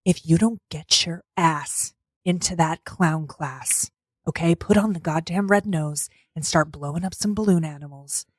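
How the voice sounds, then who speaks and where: A woman's voice: sits low, unhurried, no echo, clean studio sound. A woman improvising a bossy teenage girlfriend who scolds her date in a brash voice. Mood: scolding.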